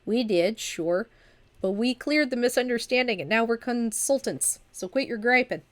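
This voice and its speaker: A woman's voice: on the high side, lively intonation, normal speed, lightly acted. A woman voicing an intense old Russian-accented man. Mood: defensive. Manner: intense, defensive.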